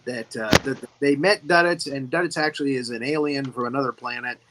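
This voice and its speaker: A man's voice: mid-range voice, brisk, bright, forceful tone, poor audio. A man hosting a casual movie discussion who rambles, repeats words and laughs often. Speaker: host.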